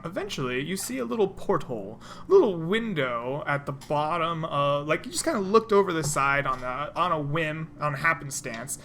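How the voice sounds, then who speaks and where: Bright, lively game master woman. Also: low-pitched, a little hiss or hum. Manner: loose, filler-heavy narration. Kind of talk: narrating a tabletop game.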